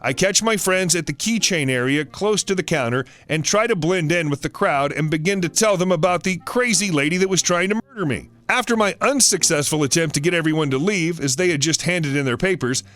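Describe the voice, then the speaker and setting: A man's voice: high voice, a bit bright. A man reading an online story aloud in a wry, sarcastic storytelling manner. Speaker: story narrator.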